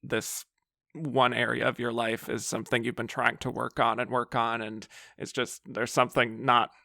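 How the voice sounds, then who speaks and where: A man's voice: mid-range voice, little pitch movement, moderate pace, creaky, bright, forceful tone, dry recording, clean studio sound. A man hosting a podcast, chatting casually about films with loose phrasing and lots of fillers. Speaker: podcast host. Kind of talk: casual film discussion.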